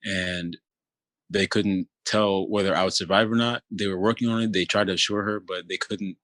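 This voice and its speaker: A man in his thirties tells his own story in an interview, speaking low and with little rise and fall. His voice has a bright, pressing edge, and the recording is dry and close. He talks in a halting, loose way, with constant "you know"s and restarts. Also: steady tone, no room sound. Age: 30s. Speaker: interview guest. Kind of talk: telling a personal story in conversation.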